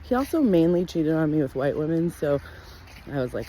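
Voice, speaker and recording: A woman's voice: brisk, a little hiss or hum. A woman telling her own life story to camera in a candid, blunt way, swearing freely and filling her talk with "like.". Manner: blunt and profane, with frequent "like" fillers; animated, jumps in pitch when acting out her own past words. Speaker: wellness practitioner sharing her life story.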